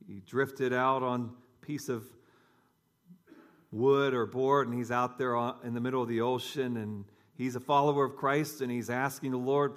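A man's voice: mid-range voice, little pitch movement, moderate pace. A man preaching a sermon, telling a story conversationally and talking directly to his congregation. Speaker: pastor.

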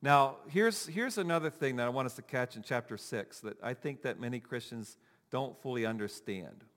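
Animated preacher in an echoing hall. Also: male voice, mid-range voice, moderate pace. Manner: animated, acting out quoted voices. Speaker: pastor. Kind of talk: sermon. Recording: long hall reverb.

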